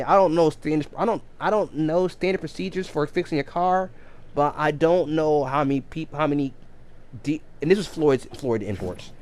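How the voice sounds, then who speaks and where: A man casually telling a long story on a game livestream, rambling with many restarts and self-corrections. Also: a little high. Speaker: game streamer.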